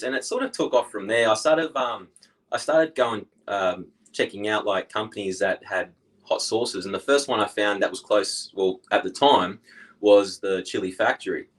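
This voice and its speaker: A man's voice: lowish voice, normal speed, fairly bright tone, low-quality recording. A young man with an Australian accent, a guest in casual chat, rambling through his stories and laughing along.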